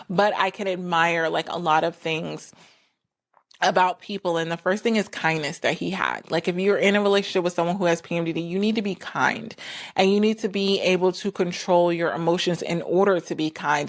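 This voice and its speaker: A woman talking casually on her own, full of "like" fillers, who acts out what other people said. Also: on the low side. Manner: chatty, frequent "like" fillers, acts out quoted people. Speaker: podcast host. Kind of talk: casual solo talk.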